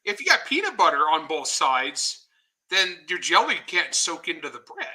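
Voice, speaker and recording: Bright, high-voiced man telling joking stories. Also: normal speed. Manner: animated, joking anecdotes. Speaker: guest author. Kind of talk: casual storytelling interview.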